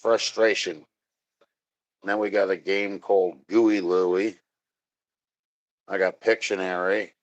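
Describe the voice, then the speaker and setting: A man with a low voice chats loosely on a live stream, rambling from one thing to the next and joking with his chat. The sound is dry and close, with a dull, lo-fi tone. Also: level tone, slow pace, long pauses, no echo.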